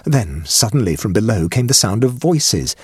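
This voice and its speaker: A man reads a ghost story aloud with lively, expressive intonation. His voice has a husky edge, and the recording is dry and close. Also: on the low side, moderate pace, no room sound. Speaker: narrator. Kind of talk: audiobook reading of a ghost story.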